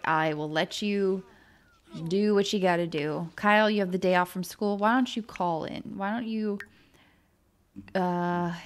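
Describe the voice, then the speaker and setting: A young woman casually commenting on a life-simulation game, chatty and emotional, talking to her characters and viewers. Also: lowish voice. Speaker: gaming video host. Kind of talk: casual let's-play commentary.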